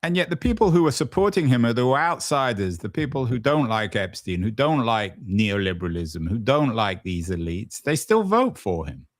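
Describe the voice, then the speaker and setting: A man's voice: medium pitch, very animated, moderate pace, hardly any pauses, no echo, studio quality. A male interview host with a wry, incredulous manner. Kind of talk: conversational interview.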